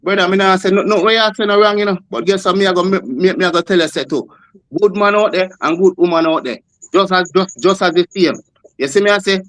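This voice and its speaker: A man's voice: high-pitched, a bit bright, no echo. Insistent Jamaican man on a panel. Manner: repetitive, insistent, keeps saying "brother". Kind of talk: heated panel debate.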